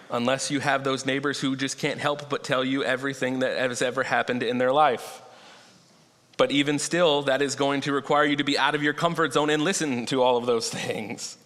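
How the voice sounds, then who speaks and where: A man preaching a sermon in a conversational way, slowing down to stress key points. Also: mid-range voice, fairly bright tone. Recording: long reverb of a large hall.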